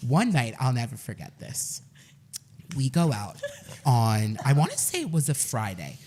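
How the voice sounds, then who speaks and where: A man's voice: medium pitch, wildly swooping pitch, a little slow, a little mellow, slight background noise. A man in his twenties, a podcast co-host telling a story in casual chat, self-mocking and laughing as he goes.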